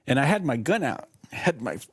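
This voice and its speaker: A man's voice: mid-range voice, big pitch swings, normal speed, husky, dry recording. Older male co-host, laughs a lot, rambly storyteller, dry sound. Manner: rambling, laughing, self-correcting. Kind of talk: casual storytelling.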